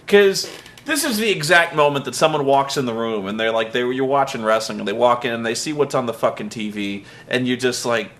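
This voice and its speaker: A man's voice: medium pitch, fairly quick, a bit bright. A man giving a profane, exasperated comedic rant as a wrestling show reviewer, mocking what he watched. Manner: exasperated, mocking, heavy swearing.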